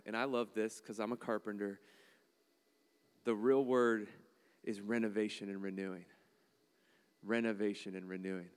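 Joking preacher in a reverberant hall. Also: male voice, mid-range voice, clear, resonant tone. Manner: animated, joking, acts out voices. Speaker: pastor. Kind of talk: sermon.

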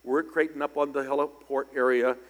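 An older male pastor tells stories from the pulpit in an easy, conversational way, then breaks into loud, emphatic bursts. His voice sits at a middle pitch. A long reverb from a large church hall trails every phrase. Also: steady tone, brisk. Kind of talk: storytelling sermon.

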